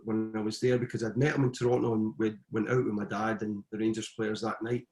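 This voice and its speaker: A middle-aged man spins football yarns in a casual, animated voice of medium pitch, stumbling and restarting as the stories tumble out. The recording carries a roomy echo. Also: a little fast. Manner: anecdotal, animated retelling with frequent restarts. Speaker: guest, former footballer and coach. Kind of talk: casual storytelling.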